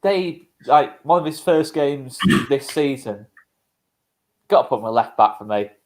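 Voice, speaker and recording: Guy co-hosting a live fan stream, calm, keeps things moving. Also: mid-range voice. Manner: measured, steers the talk, reads out poll results. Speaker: co-host of a fan channel.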